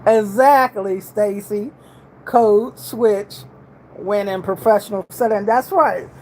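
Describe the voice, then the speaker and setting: A livestream host in her sixties chats casually with her viewers, sounding relaxed and drawling and using slangy everyday grammar. She speaks slowly at a steady middle pitch. The recording is low quality, with faint room noise behind her.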